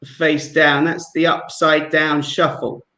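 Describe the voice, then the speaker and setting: A man's voice: a little high, level tone, slow pace, pushed and bright, echoey room, low-quality recording. Friendly man with a London accent. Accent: London English. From England. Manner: polite and friendly, narrates each move. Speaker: guest amateur magician. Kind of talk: casual card-trick performance with patter.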